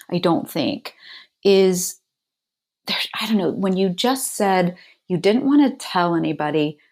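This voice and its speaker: A woman with a somewhat low voice asks gentle, probing questions. She speaks encouragingly, inviting the other person to reflect more deeply. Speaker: interviewer, sister of host.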